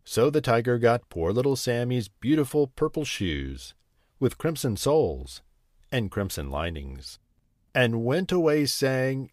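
A man reading a children's story aloud in a slow, lively, sing-song manner. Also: mid-range voice, dry recording, studio quality.

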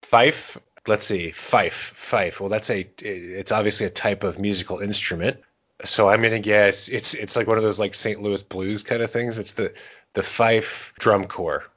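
A man's voice: on the low side, fairly even intonation, unhurried, a bit bright. A man co-hosting a sports podcast, joking and bantering playfully. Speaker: podcast co-host. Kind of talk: casual sports chat. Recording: dull lo-fi podcast audio.

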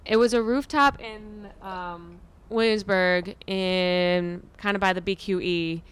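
A woman's voice: medium pitch, slow, fairly bright tone, smooth. A young woman, a comedian, chatting casually and rambling, laughing and swearing as she tells stories. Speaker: comedian and podcast host. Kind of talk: casual chat.

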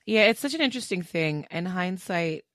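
Host: deep-voiced woman in a dry, close recording, interviewing with thoughtful questions. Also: animated, a little fast, a bit bright, no room sound. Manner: asks reflective questions. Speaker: podcast host.

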